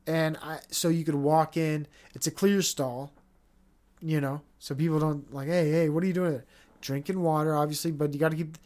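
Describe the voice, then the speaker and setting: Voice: mid-range voice, darkish tone. Profane rambling podcast ranter. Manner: rambling, profane, ranting with many restarts. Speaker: podcast host. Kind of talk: casual solo podcast rant.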